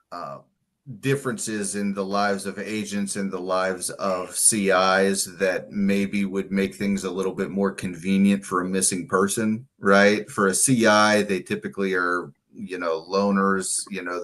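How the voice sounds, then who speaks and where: Deep-voiced man rambling casually. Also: a bit bright. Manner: rambling, with frequent fillers and restarts. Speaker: podcast co-host. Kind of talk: casual chat about a TV show.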